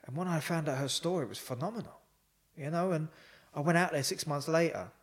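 A man's voice: on the high side, brisk. A man telling personal stories in a casual chat, rambling with lots of fillers and quoted dialogue. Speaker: podcast guest. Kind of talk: casual storytelling.

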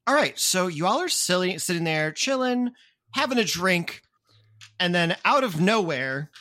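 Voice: medium pitch, big pitch swings, unhurried, pushed and bright. A game master narrating a tabletop game in a chatty way with many fillers.

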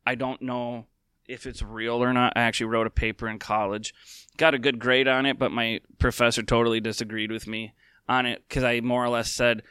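A man talks candidly and from the heart, filling his pauses with ums and restarts. His voice is bright and very clear. The sound is dry and close, with no room behind it. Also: mid-range voice, flat delivery, dry recording. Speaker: podcast host. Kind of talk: casual personal talk.

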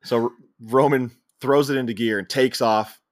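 A man co-hosting a podcast, recapping a comedy scene by scene and acting out characters' lines in quick put-on voices. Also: medium pitch, steady tone, no room sound, clean studio sound. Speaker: podcast co-host. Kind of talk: casual movie recap chat.

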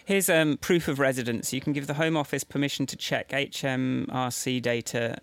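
A man co-hosting a podcast, reading out official guidance and then commenting on it in a measured, casual way. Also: medium pitch, steady tone, no echo. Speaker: podcast co-host. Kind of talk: casual chat.

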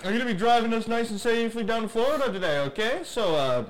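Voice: mid-range voice, expressive, fast talker, close to an everyday voice, poor audio. A player voicing a chatty, folksy bus driver in an improvised role-play game, rambling with lots of fillers.

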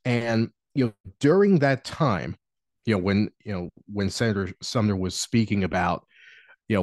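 Fairly low in pitch and dark in tone, this political podcast co-host comes through clean studio sound with no room noise. His casual storytelling wanders, and he leans heavily on "you know."

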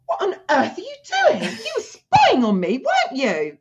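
A woman's voice: high-pitched, huge pitch swings, moderate pace, very noisy, pitched above the performer's own voice, heavily acted. A woman putting on a teasing, flirtatious voice, acting shocked at catching a man out and scolding him playfully. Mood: teasing, mock-shocked. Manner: breathy gasps, teasing scolding.

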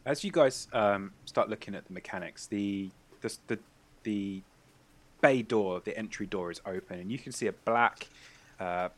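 A man as game master, narrating a tabletop role-playing game in a descriptive, halting way. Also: fairly low pitch. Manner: descriptive, halting with fillers and restarts.

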